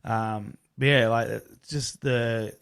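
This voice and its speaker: A young Australian man co-hosting a podcast, talking in a relaxed, chatty way about sport. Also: medium pitch, takes it slowly, clear, resonant tone. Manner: relaxed, chatty wrestling fan talk. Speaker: podcast co-host. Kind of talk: casual chat.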